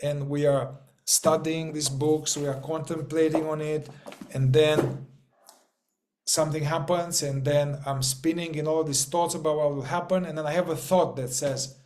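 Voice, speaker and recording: A man's voice: fairly high pitch, fairly even intonation, normal speed, noisy background. A man teaching a group in an informal spiritual talk, rambling, repeating words and swearing casually.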